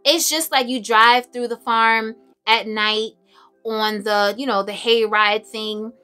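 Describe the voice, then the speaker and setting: A young woman chatting casually to camera about her favorite fragrances, expressive and laughing often. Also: on the high side, takes it slowly, clear, resonant tone. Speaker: beauty and fragrance vlogger.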